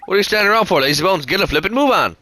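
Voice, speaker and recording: A man's voice: sits high, expressive, racing, pushed and bright, faint music behind, voice pushed up. A man voicing a cheeky little male fairy sidekick in a brash, chummy way. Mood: bossy.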